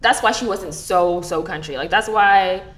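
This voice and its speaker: A young woman in casual chat, animated and swearing freely, with many fillers. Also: fairly low pitch, normal speed. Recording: echoey room.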